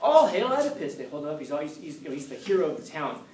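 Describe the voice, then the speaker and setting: A man retells an old tale to a class, slipping into the characters' voices and joking along the way. His voice is a little high and sits at a distance from the mic. The classroom is roomy and echoes around him. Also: very fast, a little mellow. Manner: storytelling, acting out characters, joking with students. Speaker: teacher. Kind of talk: casual classroom lecture. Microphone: distant room mic. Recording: echoey classroom recorded from far off.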